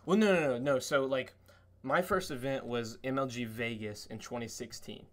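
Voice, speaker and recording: A man on a podcast telling excited stories with lots of cursing and fillers, acting out quotes in a much higher voice. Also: normal speed. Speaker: podcast guest. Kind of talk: casual podcast chat.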